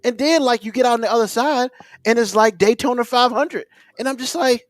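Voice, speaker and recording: Ranting high-voiced man. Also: moderate pace, no echo, faint music behind. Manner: animated ranting with mocking put-on quotes. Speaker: podcast co-host. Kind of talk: ranting casual chat.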